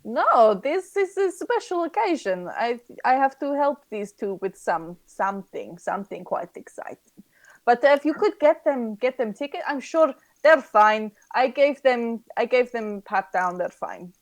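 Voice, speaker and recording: Woman doing a lively, high-voiced carnival worker who dotes on everyone. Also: a little slow. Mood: breezy, doting. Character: friendly female carnival worker, breezy and doting.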